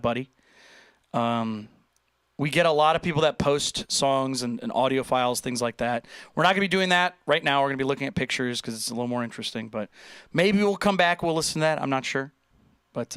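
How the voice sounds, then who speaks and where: A man hosting a casual livestream, chatting in an animated way, joking and reading viewer comments aloud. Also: fairly high pitch, smooth, no room sound, clean studio sound. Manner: chatty, animated, reads chat aloud and jokes. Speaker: livestream host reacting to viewer posts.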